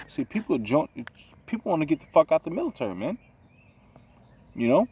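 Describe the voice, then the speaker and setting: A man's voice: on the high side, big pitch swings, brisk, long pauses, a little mellow, husky, distant mic. A man giving casual religious commentary, profane and agitated, returning to the same phrases again and again.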